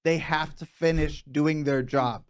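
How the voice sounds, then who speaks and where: A man as an improv interviewee, answering in a deadpan, bluffing salesman manner. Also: a little high, a little slow, clean tone. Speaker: mock job interviewee. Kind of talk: improv comedy.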